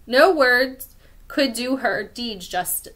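A woman's voice: a little high, animated, takes it slowly, a bit bright. A woman voicing a stern warrior woman. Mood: grave. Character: stern sword-carrying woman rebel warrior.

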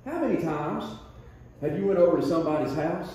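A man's voice: on the high side, expressive, warm tone, distant mic. A man preaching a sermon as pastor, telling homespun stories and drawing out his main points with heavy emphasis. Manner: folksy storytelling preacher, drawn-out emphatic points. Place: church sanctuary. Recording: very echoey church, voice from off mic.

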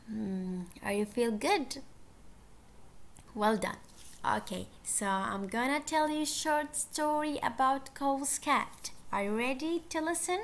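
A woman teaching English to young children, repeating simple words slowly and encouraging her pupils. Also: sits high. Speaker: first-grade English teacher.

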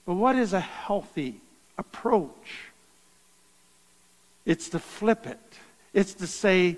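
A man giving a talk on parenting and trauma in a slow, deliberate, earnest way, stressing key phrases. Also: high voice, animated, long reverb tail, poor audio. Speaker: trauma educator. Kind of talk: teaching talk.

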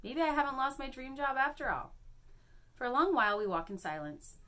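Woman reading a kids chapter book out loud, really animated, voice swoops up and down. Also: sits high, fairly quick. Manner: expressive, animated storytelling. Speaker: reader at a school.

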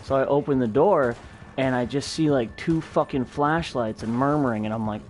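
A man's voice: mid-range voice, normal speed. A man streaming a game, chatting casually with friends and telling a story with swearing and laughs. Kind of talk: casual gaming chat.

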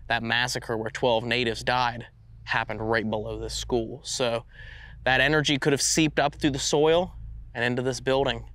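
A man with a congested, nasal voice hosts a ghost hunt, calling out meter readings. He sounds eager and keeps up a running commentary, at a middling pitch. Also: normal speed. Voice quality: nasal, stuffy from allergies. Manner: excited, narrating readings aloud. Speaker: paranormal investigator host.

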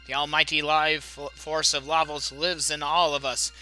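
A haughty, cruel queen , as a man reading a game's dialogue puts her on, speaks with imperious scorn. The voice sits a little high and has a very bright, forceful edge, with faint game music behind. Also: little pitch movement, normal speed, poor audio. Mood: imperious, scornful.

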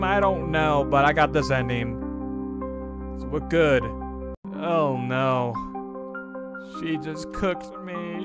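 Slow-talking excitable gamer guy. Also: on the high side. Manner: excitable, panicky yelps while playing. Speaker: gaming YouTuber. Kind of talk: let's play commentary.

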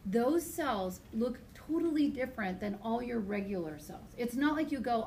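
A woman biology teacher lecturing her class in a chatty, animated way, mixing lessons with personal stories. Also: on the high side, moderate pace, few pauses, a little hiss or hum. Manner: chatty, animated storytelling, talks to students directly. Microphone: iPad screencast recording.

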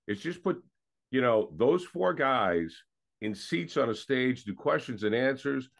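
A man's voice: mid-range voice, lively intonation, unhurried, creaky. A man co-hosting a sports podcast in casual, enthusiastic chat that sometimes trails off mid-thought. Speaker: podcast co-host.

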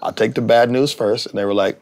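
This middle-aged TV actor and writer talks fast in a medium-pitched voice, telling a story in a casual interview. He's lively throughout, acting out everyone he quotes.

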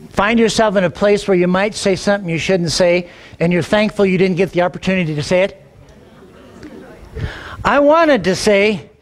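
A middle-aged man, a pastor, telling a personal story in a sermon, animated and acting out the dialogue, often repeating words as he gets going. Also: sits high. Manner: animated, acts out quoted dialogue, repeats words when excited.

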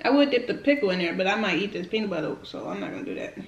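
A woman's voice: medium pitch, lively intonation, racing, creaky, echoey room, dull audio. A woman who hosts a food vlog, chatting casually and with lots of slang to her viewers while she tastes snacks. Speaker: food vlogger. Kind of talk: casual eating-show chat.

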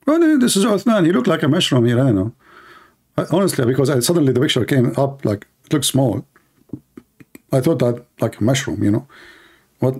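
A man's voice: mid-range voice, a little mellow, breathy edge. A man with an Arabic accent telling a rambling, mocking comic story full of fillers. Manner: rambling, sarcastic, many fillers. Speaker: comedy host. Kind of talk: mocking comedic monologue.

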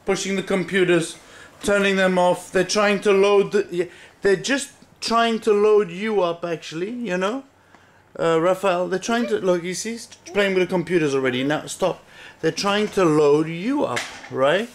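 A man talking to his baby son at home, playful and gently scolding, repeating words over and over. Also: high-pitched, moderate pace. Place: at home, indoors. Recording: noisy home camcorder recording.

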